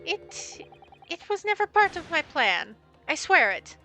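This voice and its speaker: A woman's voice: very high voice, big pitch swings, a little slow, bright, forceful tone, faint music behind, voice pushed up, full character voice. A woman voicing a panicky, whimpering male crook with a put-on Italian accent. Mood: pleading. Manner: whimpering, stammering, pleading.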